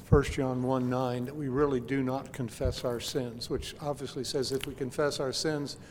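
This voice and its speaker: Male class member, monotone, earnest, reverberant room, light noise. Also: medium pitch, normal speed. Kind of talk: sharing in a group discussion. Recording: faint noise, hall reverb.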